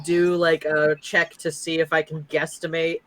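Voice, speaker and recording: Tabletop player, bright tone, halting filler-heavy delivery. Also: mid-range voice, little pitch movement. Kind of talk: casual tabletop play.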